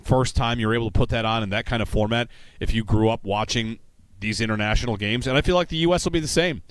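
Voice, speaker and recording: A man hosting sports talk radio, rambling conversationally and plugging the show's lineup. His voice sits at an ordinary pitch. It is recorded close and dry in a studio. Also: quick pace, no echo. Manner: conversational, rambling, reads promos.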